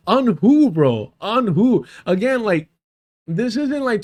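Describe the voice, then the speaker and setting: A man hosting a live stream, ranting in profane, mocking commentary while reacting to a debate clip. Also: sits high. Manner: profane, mocking, animated rants to chat. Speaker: streamer host reviewing a debate.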